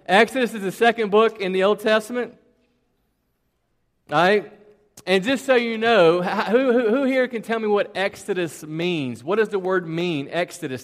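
A man with a high voice preaches to children in a church. He tells his stories in a chatty, animated way and often repeats words. A long reverb from the large hall trails his voice. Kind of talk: children's sermon storytelling.

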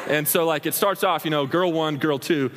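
A young male preacher delivering a sermon, telling stories and acting out small scenes. His voice sits a little high for a man. It rings out with a long reverb from a large hall. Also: moderate pace, slight background noise. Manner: animated storytelling, acts out scenes with hand gestures. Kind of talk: sermon with acted-out examples.

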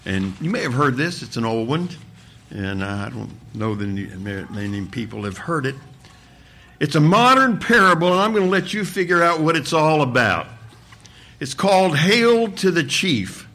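A man, a pastor, reading a story aloud with expressive delivery during a sermon. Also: a little high, moderate pace. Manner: expressive storytelling, voices the characters.

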